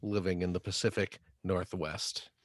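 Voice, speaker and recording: A man's voice: low-pitched, normal speed, no room sound. A man in his forties co-hosting a podcast, riffing goofily in a casual chat. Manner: animated, goofy riffing. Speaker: podcast co-host.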